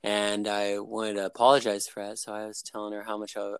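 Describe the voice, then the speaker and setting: A man's voice: fairly low pitch, monotone, brisk, smooth, no echo. A man, a guest on the show, telling a personal story in a casual, rambling way, full of fillers and restarts.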